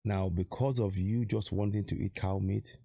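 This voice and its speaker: Nigerian man, activist vlogger; dark, low delivery, urgent and insistent, hammering home points with repeated questions. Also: steady tone, normal speed, creaky, no room sound. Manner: urgent, repetitive rhetorical questions. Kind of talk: direct-to-camera appeal.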